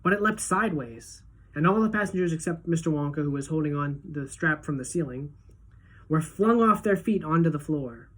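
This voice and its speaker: A woman teacher reading a children's book aloud to a class, in a steady, clear storytelling manner. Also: sits low, fairly quick.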